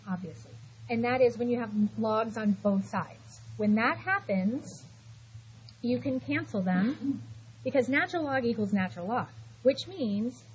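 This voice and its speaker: A middle-aged woman teaching math in a classroom, patient and reassuring, stopping to talk students through every step. The recording is a little dull, with a faint hiss underneath. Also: a little high. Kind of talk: classroom lecture.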